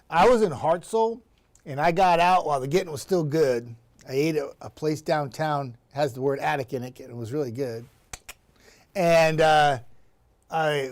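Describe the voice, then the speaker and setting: A male TV meteorologist chatting casually on a livestream, upbeat and talkative, laughing often and greeting viewers by name. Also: mid-range voice. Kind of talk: casual livestream chat reading viewer comments.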